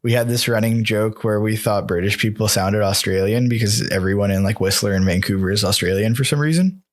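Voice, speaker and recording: A man's voice: on the low side, fairly quick. A man in his thirties hosting a podcast, chatting casually and joking around with his guest, laughing often. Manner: laid-back, jokey, laughs often. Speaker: podcast host.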